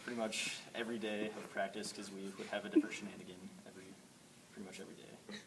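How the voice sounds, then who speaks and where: Gravelly teen boy, halting. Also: on the low side, little pitch movement. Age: late teens. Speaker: high school cross country runner. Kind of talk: casual interview answers. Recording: distant mic, noisy background.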